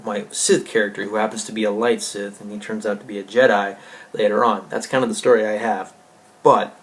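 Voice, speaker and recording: Rambling gravelly-voiced man. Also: mid-range voice. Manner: rambling, with many restarts and "you know"s. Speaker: YouTuber. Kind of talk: casual vlog chat.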